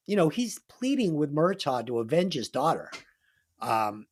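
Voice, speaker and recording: A man's voice: fairly high pitch, very animated, measured pace. Enthusiastic swearing man reviewing movies. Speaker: podcast co-host. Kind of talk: casual movie review chat.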